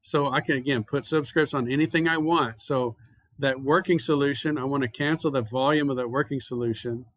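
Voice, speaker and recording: Male chemistry lecturer, mid-pitched voice, conversational step-by-step explaining, dry sound. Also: steady tone, brisk, a bit bright, no room sound. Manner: explanatory and conversational, talks students through steps. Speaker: chemistry instructor. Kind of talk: classroom lecture. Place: university classroom.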